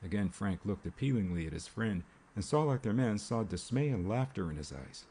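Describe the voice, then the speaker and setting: A man reading an audiobook in a measured, even storytelling manner. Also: lowish voice, a little hiss or hum. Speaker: audiobook narrator. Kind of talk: scripted narration.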